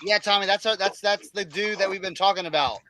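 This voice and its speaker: A man's voice: sits high, brisk. A man hosting a casual chat among resellers, playfully showing off hats and clothing finds. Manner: playful, joking about his outfits. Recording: noisy recording.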